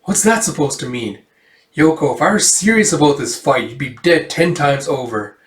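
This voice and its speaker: A man's voice: a little high, lively intonation, normal speed, natural voice. A man voicing a haughty cyborg martial artist woman in a mocking, condescending way, in a comic read-through. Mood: scornful. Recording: roomy echo, distant mic.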